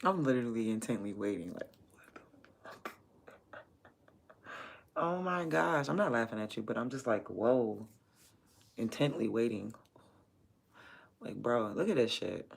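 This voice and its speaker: A woman's voice: rumbling low, normal speed, vocal fry. A woman livestreaming while she works, chatting bluntly and profanely with viewers and laughing often. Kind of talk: casual livestream chat.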